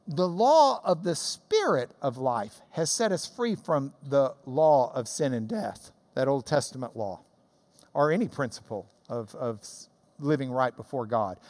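A Bible teacher giving an emphatic, explanatory sermon in a church hall. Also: medium pitch.

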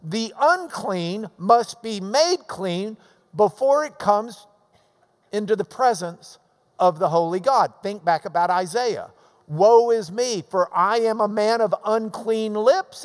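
A man preaching a sermon, teaching slowly and emphatically and repeating his phrases for weight. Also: high-pitched, big-room sound.

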